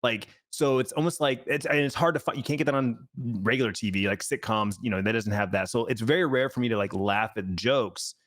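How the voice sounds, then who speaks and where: Quick-talking podcast dude, lots of likes, swears casually. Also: male voice, medium pitch, fairly bright tone. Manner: fast, filler-heavy, swearing. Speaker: podcast co-host. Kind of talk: casual chat.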